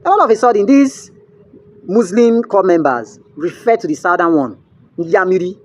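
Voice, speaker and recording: Lively Nigerian man vlogging. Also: high voice, normal speed. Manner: chatty, asks the viewer "you get?", mixes in pidgin. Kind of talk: casual storytelling to camera.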